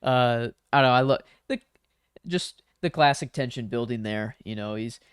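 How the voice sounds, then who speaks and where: A man's voice: medium pitch, normal speed, smooth, no room sound, studio quality. A man co-hosting a casual podcast, loose and questioning, swearing freely. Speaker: podcast co-host.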